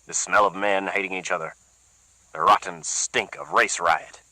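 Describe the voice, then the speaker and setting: Stern, slow old man of eighty-six read by a male narrator, bright and dry. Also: low-pitched, steady tone, dry recording, poor audio. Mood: grave. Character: 86-year-old man, stern, wise and defiant.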